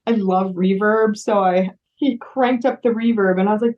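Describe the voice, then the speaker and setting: A chatty woman from the United States talks as a guest in a casual interview, circling her thoughts with fillers and restarts. Her voice sits at an ordinary pitch for a woman. The sound comes through a little dull and lo-fi. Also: fairly even intonation, moderate pace, a little mellow. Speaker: singer-songwriter guest.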